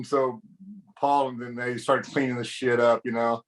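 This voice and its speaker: A man's voice: medium pitch, flat delivery, moderate pace. A man, a former pro wrestler, casually telling a locker-room story in a profane, laid-back way.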